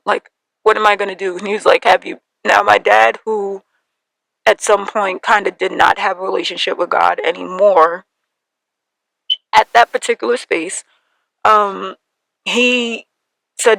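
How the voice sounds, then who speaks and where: A young woman hosting a podcast, telling a personal story in an animated way and acting out the voices of her family. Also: medium pitch, normal speed, creaky, dry recording, poor audio. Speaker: podcast host.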